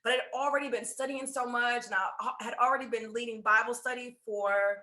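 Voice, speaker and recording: A woman faith coach telling stories in a casual interview, animated and laughing, acting out dialogue. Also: fairly high pitch, fairly quick, roomy sound. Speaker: podcast guest, faith coach.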